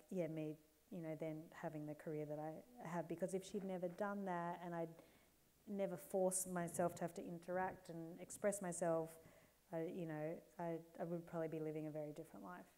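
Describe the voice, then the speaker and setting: An Australian woman in her forties, a guest author telling candid, animated stories on a live stage, laughing and putting on playful voices. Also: on the low side. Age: 40s.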